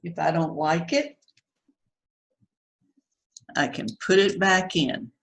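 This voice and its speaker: A woman demonstrates watercolor painting for beginners, talking unhurriedly as she works. She thinks aloud, second-guesses her strokes, and reassures her students in a relaxed, chatty way. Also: on the low side, slow pace, vocal fry, rough recording. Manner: chatty, self-critical, reassuring. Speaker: watercolor teacher.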